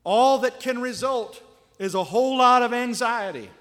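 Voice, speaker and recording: A man with a very high-pitched, fairly bright voice preaches at a normal speed, his words echoing with a big-room sound. His sermon is conversational, peppered with rhetorical questions aimed at the audience.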